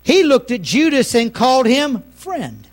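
A middle-aged man pastor preaching a folksy sermon, swinging between loud lines and hushed asides. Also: very high-pitched, big pitch swings, a little slow.

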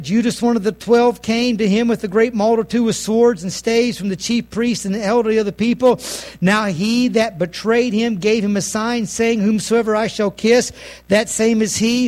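A middle-aged male pastor delivers a folksy sermon in a notably high voice. He swings between raised, emphatic lines and quiet, hushed asides.

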